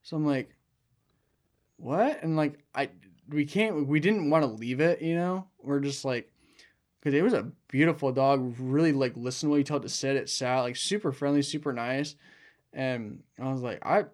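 Young guy on a podcast, rambly, says like a lot, mid pitch. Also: normal speed. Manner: rambling, heavy use of "like". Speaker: podcast co-host. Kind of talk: casual chat.

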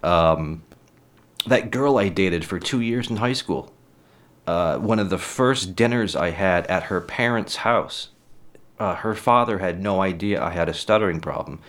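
A man's voice: deep voice, measured pace, a bit bright. A middle-aged man telling personal stories in a casual, rambling, frank way, often saying "literally.". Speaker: storyteller.

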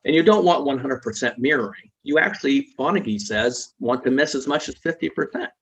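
A man's voice: mid-range voice, a little fast, fairly bright tone, breathy edge. A man, a psychologist guest, explaining ideas patiently in an interview and often checking in with tag questions. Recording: dull lo-fi recording.

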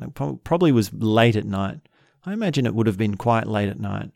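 A man giving a calm, thoughtful talk, musing aloud and asking rhetorical questions. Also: lowish voice, vocal fry, dry recording, studio quality. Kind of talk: reflective spoken talk.

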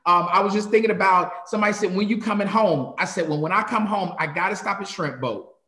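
A man from North Carolina, a pastor telling stories as a guest with a lively preacher's cadence. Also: high-pitched, fast talker, roomy sound. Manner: animated storyteller, shifts into sermon cadence. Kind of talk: conversational interview, preacherly.

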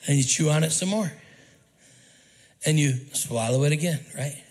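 Guy pastor preaching, kinda higher voice, keeps repeating stuff and getting the crowd to answer back. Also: normal speed, a little mellow, rough recording. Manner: call-and-response prompting; emphatic preaching with repetition. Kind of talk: sermon. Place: church auditorium.

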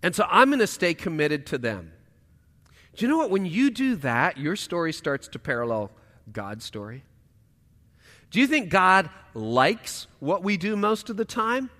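A pastor preaching a sermon, swinging between loud emphatic lines and hushed quiet asides, in a church auditorium. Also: male voice, high voice, big pitch swings, measured pace, long reverb tail.

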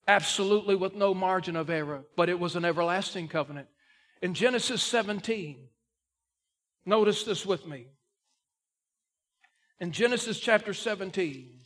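A male pastor preaching a sermon in a folksy way that builds to loud, emphatic climaxes. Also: high-pitched.

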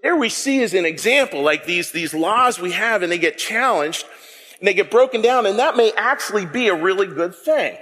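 A man preaching a sermon, animated and joking with his congregation in a church hall. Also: high-pitched, moderate pace. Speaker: pastor.

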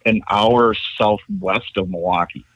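A man's voice: lowish voice, unhurried, a bit bright, no room sound, low-quality recording. A man in his fifties, from Chicago, telling rambling, wry stories about his family and childhood in a casual chat. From Chicago, USA. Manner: rambling anecdotal storyteller, wry. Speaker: podcast guest.

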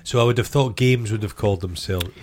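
A man's voice: lowish voice, fast talker, a little mellow, a little hiss or hum. A Scottish man co-hosting a podcast, dry and rambling, often tripping over his words. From Scotland. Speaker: podcast co-host. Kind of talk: casual banter.

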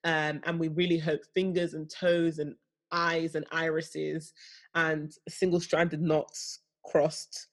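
A woman's voice: low-pitched, level tone, slow. A young woman co-hosting a podcast in casual chat, bubbly and playful with jokey asides. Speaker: podcast co-host.

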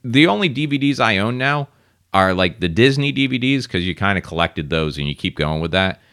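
A man in his thirties, co-hosting a podcast in casual chat and telling animated stories. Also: brisk, dry recording, studio quality. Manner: animated storytelling, mimics people in high voices. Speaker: podcast co-host.

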